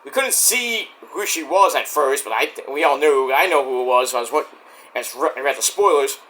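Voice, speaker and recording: A man giving a casual solo review of a wrestling show, excitable and profane, breaking into rants. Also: mid-range voice, brisk.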